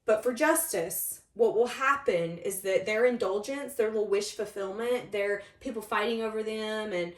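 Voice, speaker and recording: A woman's voice: mid-range voice, moderate pace, hardly any pauses. Emphatic woman tarot reader, roomy echo. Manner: emphatic, animated storytelling. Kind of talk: tarot reading to camera. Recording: roomy echoey room.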